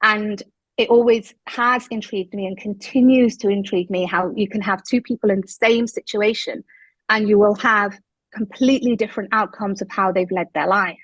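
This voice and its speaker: A woman in her thirties shares her story as an interview guest, at a middle pitch for a woman. She grows emphatic and animated when she acts out what people said. The recording is dry, with no room sound. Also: moderate pace, dry recording, highs cut off. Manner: animated, emphatic retelling with quoted dialogue.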